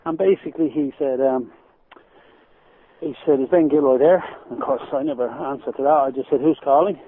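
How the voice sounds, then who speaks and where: An Irish man, a radio guest, telling stories in an animated way and laughing as he goes. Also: mid-range voice, a little fast. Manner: animated storyteller, laughs while telling anecdotes. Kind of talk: phone-in radio interview. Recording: tinny phone line, dry.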